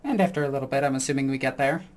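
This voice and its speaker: A woman's voice: very deep voice, very fast, a little mellow. A woman playing a tabletop game over an online call, describing her character's actions in first person and laughing often. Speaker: player and channel host. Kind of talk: casual tabletop role-play.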